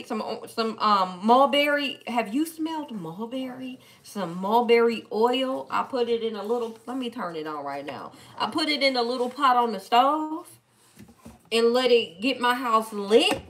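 A woman chatting casually on a live stream, playful and animated as she talks back to her viewers. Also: on the high side, normal speed. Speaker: live-stream host reading viewer comments.

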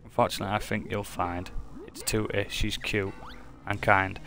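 A man's voice: on the low side, flat delivery, moderate pace, pushed and bright, faint music behind. A man streaming a video game, talking in a dry, offhand and sweary way. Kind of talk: casual live-stream gameplay commentary.

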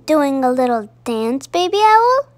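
A woman's voice: high-pitched, big pitch swings, measured pace. A woman voicing a teasing fox in a children's storybook. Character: sly, teasing grown fox.

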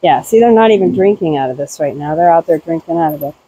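A woman talking casually while doing farm chores outdoors around a barn, cooing at her animals in a high baby-talk voice. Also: expressive, fast talker, mellow, a little hiss or hum, poor audio. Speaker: homesteader vlogger. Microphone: handheld camera.

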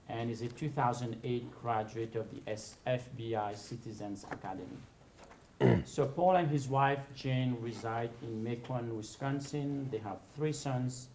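A man introducing a guest speaker, reading out a prepared biography in a measured way. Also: mid-range voice, darkish tone, slight background noise. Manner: reads a prepared bio in a measured way. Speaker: event host introducing the speaker. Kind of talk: formal introduction.

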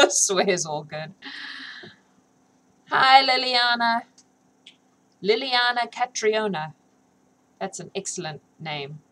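A woman's voice: fairly high pitch, lively intonation, slow pace, long pauses, a bit bright, rough recording. A woman reading a novel aloud on a live stream, then chatting with viewers, laughing often and joking about herself.

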